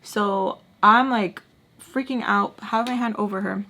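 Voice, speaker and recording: A woman's voice: mid-range voice, a little slow. A young woman tells a storytime to her viewers in loose, casual speech. She talks with plenty of "like" and "you know". She acts out what each person in the story said. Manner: animated, lots of fillers and quoted dialogue. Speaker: vlogger. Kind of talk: storytime vlog.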